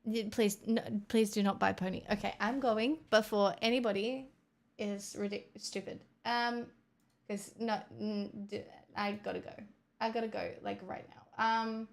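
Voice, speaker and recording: An Australian woman streamer in casual livestream chat, rambling and playful, drifting into soft murmurs. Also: medium pitch, fairly even intonation, measured pace, gravelly.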